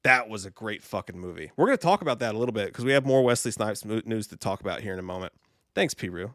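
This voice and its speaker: A man hosting a live movie news stream, talking in an excitable, profane, rambling way while reading chat. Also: fairly low pitch, quick pace, no room sound, clean studio sound.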